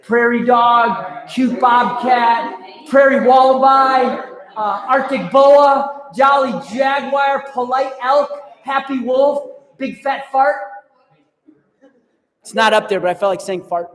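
A man's voice: extremely high pitch, slow pace, fairly bright tone. A man leading a student youth group, talking in a playful, upbeat way and calling out to the crowd in a large hall. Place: large hall with a live audience.

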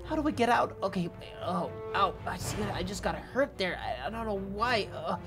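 A woman narrating a Minecraft adventure in first person as its host, excitable and stammering, often calling out to her viewers. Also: mid-range voice, normal speed. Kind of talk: first-person game role-play narration. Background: background music.

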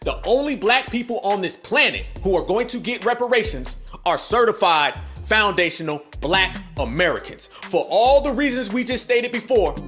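A man's voice: sits high, expressive, normal speed, few pauses, a bit bright, soft background music. A man hosting a podcast in a fiery, preachy monologue, full of rhetorical questions and profane slang. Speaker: podcast host.

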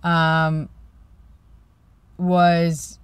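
A man's voice: fairly high pitch, monotone, drawn-out words, clear, resonant tone, no echo. Rambling young man chatting to camera. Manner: rambling and self-deprecating, many fillers. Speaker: vlogger. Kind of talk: casual vlog chat.

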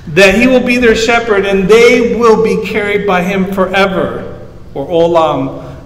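A man with a fairly high voice gives a sermon in a church sanctuary, explaining the text in a casual, teaching tone. His voice rings through a large echoey hall with a long tail of reverb and faint room ambience behind it. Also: unhurried. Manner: conversational teaching, explains Hebrew terms simply, rises emphatic on scripture. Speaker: pastor.

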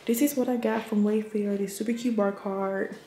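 Her voice sits in the mid range with a dark, steady tone at normal speed as this twenties-aged nurse vlogger shows off her apartment. She talks to viewers as y'all in a laid-back home tour, recorded in an echoey room with faint noise.

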